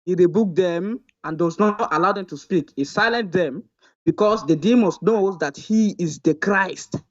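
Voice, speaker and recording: A man arguing in a heated live debate, reading slowly and haltingly and answering defensively. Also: sits high, highs cut off. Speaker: debate opponent.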